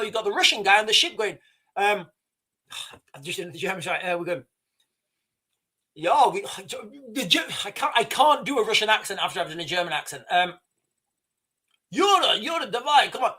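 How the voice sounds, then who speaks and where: A man's voice: high voice, a bit bright. A man hosting a livestream, talking viewers through speculative scenarios in a rambling, casual way. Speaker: livestream host.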